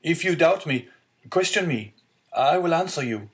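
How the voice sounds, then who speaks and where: A man's voice: mid-range voice, moderate pace, pitched above the performer's own voice, lightly acted. A man voicing an earnest, anxious young male sailor in a read-aloud storybook, in a slightly raised voice. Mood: pleading.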